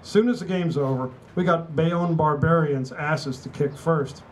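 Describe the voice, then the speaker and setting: A man's voice: on the high side, unhurried, a little hiss or hum, voice pushed up, lightly acted. A man reading aloud and voicing a blunt, commanding rugby teammate. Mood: brusque. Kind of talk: live reading of a novel.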